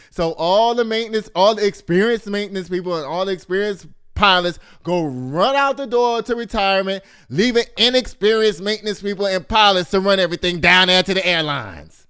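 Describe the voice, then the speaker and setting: A man in his fifties hosting a gossip show in a casual, animated way, full of exclamations and asides to the audience. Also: high-pitched, clear, resonant tone. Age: 50s. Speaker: show host.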